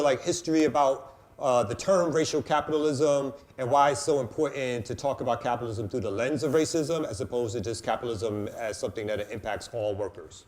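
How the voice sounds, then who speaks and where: A man co-hosting a casual podcast chat, giving loud, hyped introductions and cursing freely. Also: mid-range voice, fairly quick, few pauses. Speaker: co-host.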